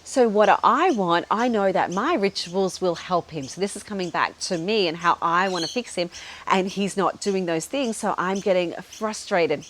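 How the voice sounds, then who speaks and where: A woman's voice: fairly low pitch, moderate pace, fairly bright tone, slight background noise. A middle-aged woman hosting a podcast, telling a personal story in a chatty, frank way, full of "like" and "you know", now and then swearing. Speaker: podcast host.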